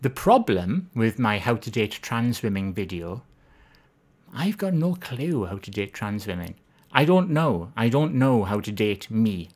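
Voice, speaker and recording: A woman's voice: extremely low pitch, big pitch swings, measured pace, a little mellow. Hesitant, rambling woman streaming live. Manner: hesitant, rambling, self-deprecating.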